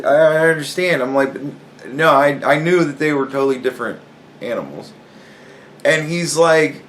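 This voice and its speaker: Man, podcast host, casual storytelling, profane, animated, middle pitch, faint background noise. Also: moderate pace. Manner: profane, animated, laughing a lot while telling.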